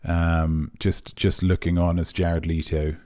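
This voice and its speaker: A man's voice: deep voice, flat delivery, a little slow, a little mellow. A man hosting a comic live quiz in a pompous, rambling, mock-serious manner. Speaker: quiz host.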